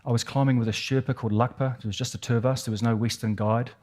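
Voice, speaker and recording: His voice is medium-pitched and a bit mellow, with fairly even intonation and a quick pace. The New Zealand-accented keynote speaker tells a dramatic personal story, full of suspenseful detail and emphatic repetition.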